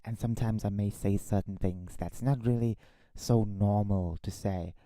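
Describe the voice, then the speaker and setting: Male streamer, lowish voice, dry close mic; slow rambling complainer who corrects himself. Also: steady tone, no echo. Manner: rambling, complaining, restarts and re-says lines; drops to a hushed voice at times. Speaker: livestreamer. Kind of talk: casual solo livestream chat. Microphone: own desktop microphone.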